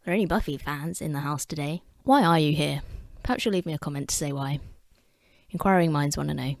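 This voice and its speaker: Low english lady vlogging, dry sound, jokey asides. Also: no echo. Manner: wry, chatty, self-deprecating asides. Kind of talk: casual talking-head commentary.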